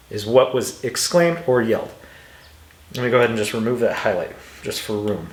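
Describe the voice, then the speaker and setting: A man's voice: on the low side, normal speed, echoey room. A man teaching English punctuation, walking through example sentences patiently and reading them aloud with exaggerated intonation. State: dry throat, clears it now and then. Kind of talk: instructional walkthrough.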